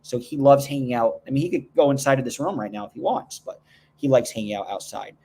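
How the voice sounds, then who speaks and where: A man's voice: mid-range voice, animated, fast, dark tone, breathy edge. Rambling man hosting a livestream. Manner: rambling, many restarts, jokey asides. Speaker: livestream host. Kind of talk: casual livestream chat answering viewer comments. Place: indoors at home.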